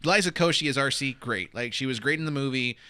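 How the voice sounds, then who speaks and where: Young guy, bright voice, podcast movie chat, gets excited and does the lines. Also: mid-range voice, fast, a little hiss or hum. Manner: enthusiastic, acts out quotes from scenes. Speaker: podcast co-host. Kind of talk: casual movie review chat.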